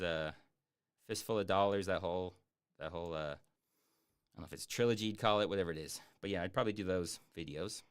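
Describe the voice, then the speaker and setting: Low-voiced man rambling through a live stream. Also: smooth. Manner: rambling, jokey, deadpan boasts; hesitant with many fillers. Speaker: YouTube streamer answering chat. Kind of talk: casual live-stream chat.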